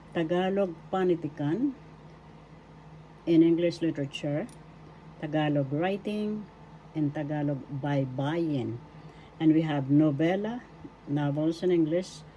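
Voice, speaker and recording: An older woman teaches slowly in a low, mellow voice. She breaks each word into syllables and repeats it. A faint hiss of noise sits under her voice. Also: highs cut off. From Philippines. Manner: spells out syllables and repeats words. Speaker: language teacher. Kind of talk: slow classroom lesson.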